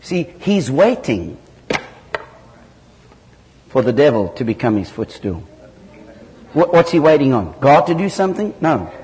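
A man from southern Africa preaching a sermon, telling stories with lively jumps in pitch. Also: a little slow, long pauses. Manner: animated storytelling with sudden loud jumps in pitch. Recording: hall reverb.

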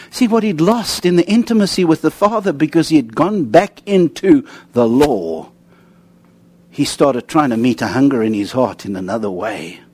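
A man preaching a sermon, telling humorous stories and swinging between excited highs and quiet, serious lows. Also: husky. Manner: animated storytelling with jokes, swinging from high to low.

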